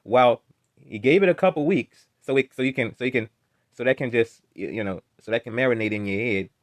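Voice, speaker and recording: Brief: male reaction host, mid pitch, dry close sound, exasperated heckler. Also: a little fast, dry recording. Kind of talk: casual reaction rant.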